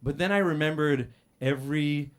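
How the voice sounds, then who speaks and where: On a comedy club stage, a man delivers a stand-up roast in a dry, deadpan manner, his voice on the high side. He pauses often with "uh" and then suddenly bursts out loudly.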